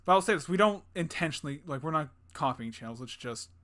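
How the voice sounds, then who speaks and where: A man's voice: on the high side, animated, fast, sharp tone. A man co-hosting a gaming podcast in casual chat, rambling with lots of fillers and crude jokes. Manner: rambling, filler-heavy, crude jokey banter. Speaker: podcast co-host.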